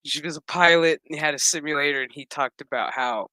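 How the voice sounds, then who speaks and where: A man's voice: on the high side, fairly quick, bright, forceful tone, no echo. A man giving a rambling, profane recap of a TV episode, acting out the characters' lines as he goes. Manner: rambling, profane, acts out quotes. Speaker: show recap reviewer.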